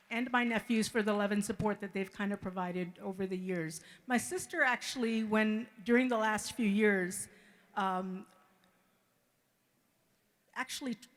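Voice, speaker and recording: Emotional middle-aged woman giving a wedding speech. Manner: halting, repeats words, deeply grateful. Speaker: mother of the bride.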